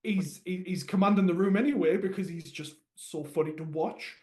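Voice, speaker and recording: A man with a notably high voice co-hosting a relaxed podcast. He rambles through stories in an easy, casual way and often laughs mid-sentence. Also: normal speed, a crowd in the background. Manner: chatty storyteller, laughs while talking. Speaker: podcast co-host. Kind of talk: casual chat.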